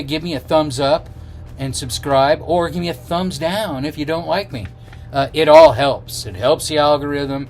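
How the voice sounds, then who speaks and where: Out on the road, a middle-aged male travel vlogger chats casually to the camera, rambling with plenty of fillers and restarts. His voice is a little high, and there's a slight hiss or hum in the audio.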